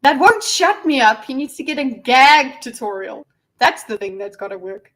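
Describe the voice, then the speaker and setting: A woman chats her way through a casual livestream. Her voice sits a little high. She rambles, giggles and pokes fun at herself as she fiddles with her setup. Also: very animated, normal speed, fairly bright tone, poor audio. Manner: rambling, giggly, self-deprecating. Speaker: livestream host.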